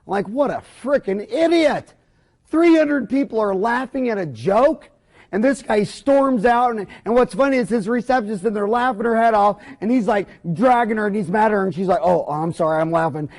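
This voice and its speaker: Middle-aged guy lecturing a seminar, high-ish voice, blunt and animated, kinda irreverent. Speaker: dentist lecturer.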